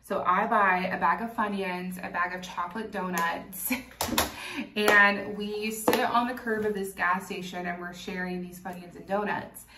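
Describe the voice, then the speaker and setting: A young woman with a mid-range voice tells a candid, animated story straight to camera, laughing easily and swearing freely. Her voice carries the echo of a bare room, picked up from a few feet away. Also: mid-range voice, a little slow, recorded from a distance, a little hiss or hum. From Kentucky. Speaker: vlogger. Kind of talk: casual storytime while doing makeup.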